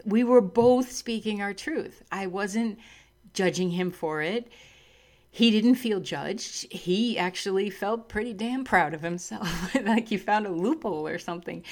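A middle-aged woman giving a reflective spiritual talk, earnest and open, laughing easily and leaning hard on key words. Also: medium pitch. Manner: earnest and warm, laughs easily, lively emphasis. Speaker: spiritual speaker.

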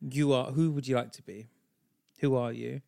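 A man co-hosting a casual podcast, teasing and animated, on a close podcast mic. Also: mid-range voice, normal speed, creaky, no room sound. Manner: teasing, animated, jumps into playful role-play. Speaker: podcast co-host. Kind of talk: casual chat.

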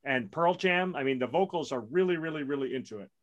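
A man's voice: fairly high pitch, lively intonation, fast talker, muffled recording. A man in a casual discussion, emphatic and argumentative, repeating words for stress.

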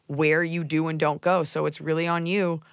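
A woman's voice: low-pitched, flat delivery, clean tone, no echo, studio quality. Blunt, sarcastic woman podcast host. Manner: blunt, sarcastic, quick asides. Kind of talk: casual chat.

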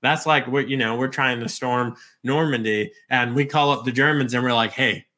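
A man hosting a podcast, talking in a lively, argumentative way. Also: mid-range voice, normal speed. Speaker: podcast host. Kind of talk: casual conversation.

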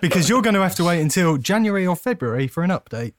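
A man's voice: high-pitched, sing-song, fast talker, a crowd in the background. Chatty, teasing man in a podcast chat. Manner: chatty, teasing, laughs at his own jokes. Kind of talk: casual chat.

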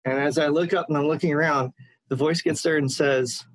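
A man's voice: fairly high pitch, steady tone, no echo, low-quality recording. Earnest male caller, dry close sound. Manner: earnest, halting storytelling with restarts. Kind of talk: personal story told to a radio host.

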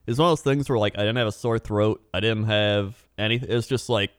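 Man co-host, lowish voice, relaxed rambling chat, dry close mic. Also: quick pace, clean tone, no echo. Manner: easygoing, rambling, laughs a lot. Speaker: podcast co-host. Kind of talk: casual comedic chat.

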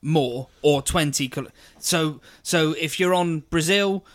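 Give me a man co-hosting a casual car podcast with a slightly high voice, rambling as he talks. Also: slow. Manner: rambling, repeats words while searching for them. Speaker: podcast co-host. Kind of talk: casual chat.

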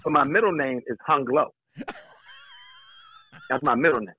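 A man in his sixties, a guest in a casual interview, telling stories in an animated, joking way in a husky voice. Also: medium pitch, moderate pace. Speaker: actor, guest. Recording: tinny phone line.

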